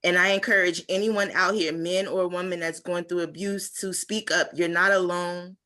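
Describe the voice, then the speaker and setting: A woman's voice: lowish voice, fairly even intonation, normal speed, sharp tone. A woman in her twenties giving an earnest, heartfelt personal testimony at a conference over a video call, with frequent fillers. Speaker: conference speaker.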